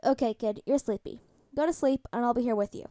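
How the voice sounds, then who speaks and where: A woman voicing a wry, fatherly middle-aged man who talks in a teasing yet gentle way, in a fan audiobook reading. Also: a little high, a little fast, no room sound, close to an everyday voice. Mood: soothing.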